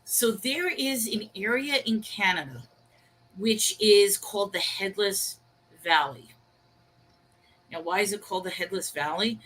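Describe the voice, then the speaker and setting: A woman co-hosting a casual online chat show, telling stories in an animated, chatty way. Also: medium pitch, a little slow, a little hiss or hum, rough recording. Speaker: co-host.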